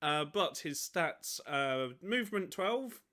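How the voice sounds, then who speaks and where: A man's voice: fairly high pitch, expressive, slow, bright, forceful tone. A man hosting a casual hobby chat, rambling and self-mocking, often breaking into giggles. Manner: giggly, keeps breaking into laughter. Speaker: hobby channel host.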